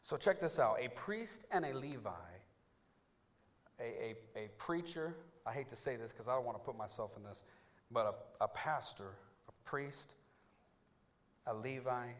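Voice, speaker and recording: A man preaching to his church, dropping low and quiet, then surging loud and high, with quick stammered restarts. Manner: restarts words in bursts. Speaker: pastor. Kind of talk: sermon. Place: church before a congregation.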